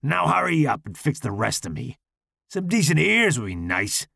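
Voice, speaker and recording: A man voices a hulking, deformed slasher villain for an audiobook, sneering in a rough, gravelly growl that swings between low menace and crude mockery. The exaggerated voice is bright and forceful, with big pitch swings at normal speed. The audio is close, dry, and free of echo.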